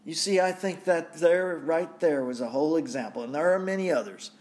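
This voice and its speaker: A man's voice: a little high, brisk, a little mellow. A man preaching a sermon, reading scripture aloud and reflecting on it with repeated rhetorical questions.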